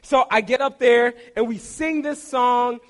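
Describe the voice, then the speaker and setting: Young male preacher, high voice, playful storyteller, sermon delivery. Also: fairly even intonation, measured pace.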